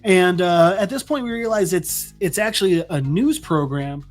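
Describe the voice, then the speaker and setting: A man's voice: high voice, normal speed, faint music behind. A man hosting a casual comic book recap, rambling with many restarts. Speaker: host.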